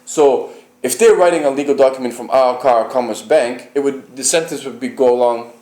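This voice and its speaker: A man's voice: medium pitch, brisk, a little mellow. Aggrieved man telling his story, echoey room. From United Kingdom. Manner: aggrieved, emphatic and profane, asking the listener to agree. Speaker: interviewee. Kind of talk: casual personal storytelling.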